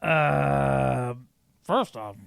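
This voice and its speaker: A man's voice: mid-range voice, extremely slow, vocal fry, clear, resonant tone, no room sound, clean studio sound, full character voice. A man improvising a sarcastic, shirtless male shopper, laughing between his lines in a comedy skit.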